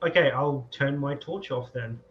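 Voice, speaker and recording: A man's voice: mid-range voice, normal speed, dull audio, slight background noise. An Australian man playing a tabletop game online, hesitant and full of ums. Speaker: player. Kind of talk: casual tabletop game chat.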